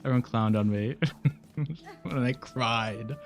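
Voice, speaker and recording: Nasal young male streamer, mid-pitched, loose rambling chat with frequent laughs, faint music underneath. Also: steady tone, slow pace. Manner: rambling, laughs often, swears casually. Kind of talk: casual gaming stream chat.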